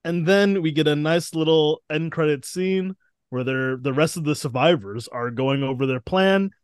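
A man's voice: a little high, moderate pace, clear, resonant tone, no echo, studio quality. A man co-hosting a podcast, retelling story events in casual chat and acting out characters' lines. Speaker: podcast co-host.

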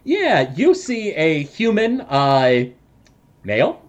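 Guy running a tabletop game, slow, lots of uhs, lively pitch. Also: dull audio. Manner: hesitant, many fillers, joking. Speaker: game master.

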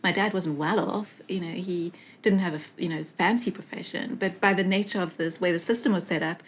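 A woman's voice: lowish voice, brisk, slight background noise. A young woman from South Africa speaking earnestly in a conversational interview, reflective and full of fillers and restarts. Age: young adult. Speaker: guest.

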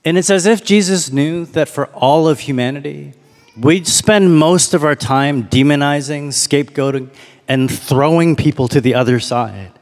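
A man preaching a sermon as pastor, reflective, slowing down to read and linger on lines. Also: on the high side, long reverb tail.

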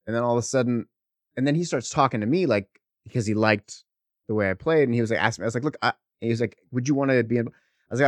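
Guy co-hosting a podcast, swears a lot, gets animated telling stories, dry sound. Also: medium pitch, racing, dry recording. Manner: profane, animated storytelling with laughs. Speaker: podcast co-host. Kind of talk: casual chat, storytelling.

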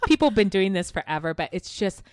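A woman's voice: medium pitch, very animated, quick pace, a little mellow, clear, resonant tone, dry recording, studio quality. A woman chatting casually as a co-host, telling stories animatedly, swearing freely and acting out the voices of the people she quotes. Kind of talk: casual chat.

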